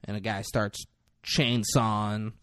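A man's voice: lowish voice, slow, clean tone, dry recording, clean studio sound. A man in casual chat, animatedly retelling a film's scenes and swearing freely. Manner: animated, jumps into character voices, swears freely. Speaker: podcast co-host recapping a film.

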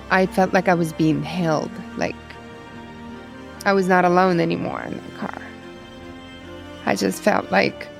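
A Ukrainian woman, a guest in a podcast interview, gives a personal testimony of her faith, speaking earnestly and emotionally with many repetitions. Her voice is medium-pitched and gravelly.

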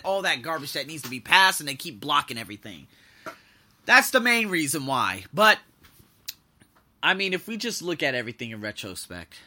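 Bright-voiced animated male podcast host. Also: mid-range voice. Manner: animated storytelling, acting out quotes loudly. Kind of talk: casual solo podcast monologue.

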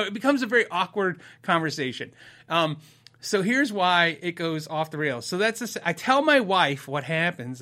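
A man chats to the camera in a loose, rambling way, chuckling at himself and acting out both sides of a conversation. His voice sits a little high, and it is bright and forceful. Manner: rambling, self-deprecating, laughs often, acts out both sides of dialogue. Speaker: YouTuber telling a story. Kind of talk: casual storytelling to camera.

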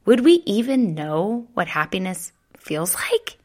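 A woman's voice: mid-range voice, very animated, a little slow, a little mellow. A young adult woman hosting a solo podcast, talking off the cuff in a chatty, conversational way, often asking "right?". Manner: chatty, conversational, frequent "you know" and "right?". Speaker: podcast host. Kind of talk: unscripted solo podcast talk.

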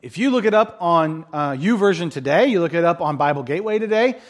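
High-voiced chatty male pastor preaching. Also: expressive. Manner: chatty, self-interrupting, acts out quick voices for laughs. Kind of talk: casual sermon with jokes.

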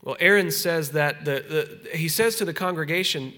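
A male pastor delivers a sermon in a friendly, talking-to-you way. His voice is bright and slightly higher than most men's. He slows and softens on the weighty lines. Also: animated. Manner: conversational preaching that drops soft and slow on solemn points.

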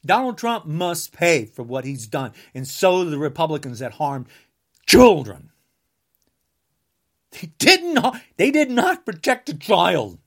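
A man from the United States, a podcaster, delivering an angry political rant, combative and repeating insults, sometimes bursting into shouts. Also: on the high side, very animated, normal speed, few pauses.

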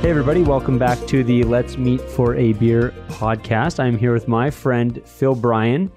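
A man's voice: medium pitch, steady tone, normal speed, over music. A man hosting a podcast, chatting and teasing his guest in a casual interview. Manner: joking, teasing. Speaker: podcast host.

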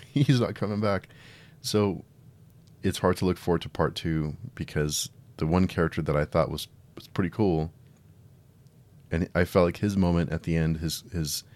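A man's voice: low-pitched, a little mellow. A man hosting a solo film review podcast, talking casually with frequent restarts and an exasperated tone. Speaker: podcast host.

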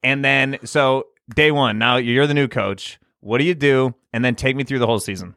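Podcast co-host, man, mid pitch, relaxed delivery, dry close mic. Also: moderate pace, clean tone, no room sound. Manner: easygoing, laughs along, pitches prompts. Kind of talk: improvised comedy riffing.

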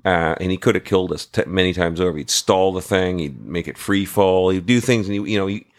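A man's voice: low-pitched, fairly quick. A man as a podcast guest, telling rambling, salty anecdotes in a casual way with plenty of fillers and restarts.

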